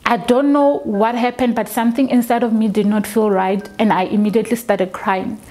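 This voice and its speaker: A woman, telling her own story for a documentary, slow and halting with frequent restarts. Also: a little high, fairly even intonation, dark tone. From South Africa. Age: 20s. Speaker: documentary interviewee. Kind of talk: personal testimony.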